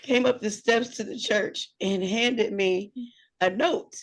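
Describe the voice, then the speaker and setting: Laughing, animated woman telling a story. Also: mid-range voice, slow pace. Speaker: podcast co-host. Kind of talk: casual storytelling.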